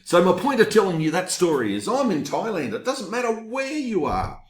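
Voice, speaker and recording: A man's voice: high-pitched, wildly swooping pitch, moderate pace, reverberant. An Australian man presenting a sales webinar from his home office, talking in an upbeat, chatty, salesy way.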